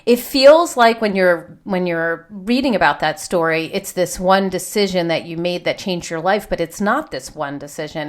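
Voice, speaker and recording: A woman hosting a podcast interview, attentive and reflective as she responds to her guest. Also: on the low side. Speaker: podcast host.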